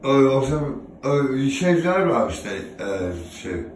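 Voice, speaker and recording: A man's voice: mid-range voice, sing-song, a little slow, roomy sound, a little hiss or hum. A man, teasing his mate over and over in casual banter, filming on a phone. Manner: teasing, mocking, repeats himself. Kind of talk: casual banter among mates. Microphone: phone camera.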